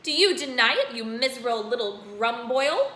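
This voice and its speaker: A woman voicing a cruel, tyrannical headmistress who booms and hurls insults. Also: lively intonation, moderate pace. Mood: furious. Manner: booming, shouting insults. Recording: roomy echo, faint noise.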